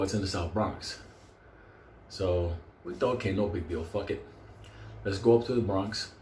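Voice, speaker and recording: A man's voice: fairly low pitch, a little mellow, a little hiss or hum. A middle-aged man tells a rowdy story, swearing constantly and laughing mid-sentence. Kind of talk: casual anecdote. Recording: roomy echo with faint ambience.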